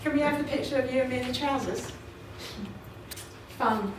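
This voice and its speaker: On stage in a large conference hall, a woman motivational speaker gives an emphatic talk, repeating her points and laughing often. Her voice is high, her pace moderate, with long pauses. The recording is noisy and echoey, picked up from far off.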